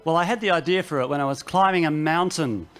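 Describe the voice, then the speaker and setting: An Australian singer-songwriter performs live on an outdoor festival stage, and between songs he jokes through wry, self-mocking stories. His voice sits on the high side and he talks fast, with loud acoustic guitar behind him.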